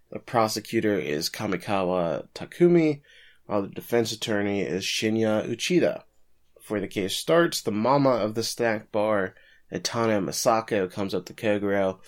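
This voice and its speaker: A man co-hosting a podcast, casually recapping episode events and chuckling at the funny parts. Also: fairly low pitch. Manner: relaxed storytelling, chuckles at the jokes. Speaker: podcast co-host.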